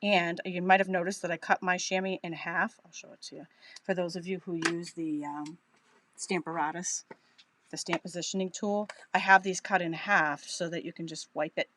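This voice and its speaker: A woman's voice: on the low side, steady tone, moderate pace, fairly bright tone, slight background noise. A woman with a Boston accent giving a chatty, upbeat live crafting tutorial, thinking aloud as she works. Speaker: craft demonstrator.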